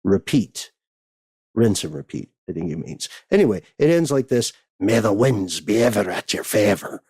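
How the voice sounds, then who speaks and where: A man's voice: on the low side, lively intonation, normal speed, darkish tone, breathy edge, no echo, studio quality. An American man co-hosting a podcast, reading listener mail in casual banter with wry asides. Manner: chatty, wry, thinks aloud with asides.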